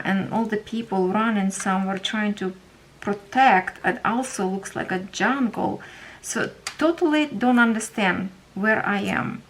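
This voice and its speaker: A woman from Ukraine with a Ukrainian accent, a craft vlogger casually telling a story while she organizes, pausing often as she searches for words. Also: mid-range voice, a bit bright, a little hiss or hum, rough recording.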